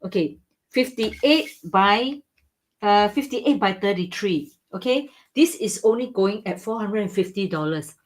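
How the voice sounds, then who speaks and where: A woman with an animated, mid-range voice runs a live-stream antiques sale, speaking without hurry. Her manner is enthusiastic, she repeats "okay?" and "right?" often, and her grammar shows she is not a native speaker.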